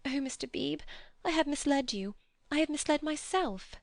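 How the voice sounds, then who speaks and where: A woman voicing a distressed, tearful young woman with a high, anxious voice. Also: lively intonation, moderate pace, no echo. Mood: anguished.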